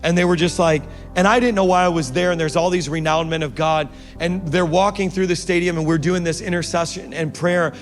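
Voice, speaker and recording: A man preacher tells a sermon anecdote in an easy, conversational way. His voice is slightly high, and it rings in a large reverberant hall over faint background music. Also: fairly even intonation, fairly quick. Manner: conversational, with quoted dialogue.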